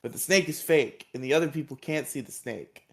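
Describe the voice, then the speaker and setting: Over a crowd in the background, a man with a fairly high voice talks a little fast as he co-hosts a casual podcast. He recaps episodes in an animated way, laughing a lot and acting out characters' dialogue.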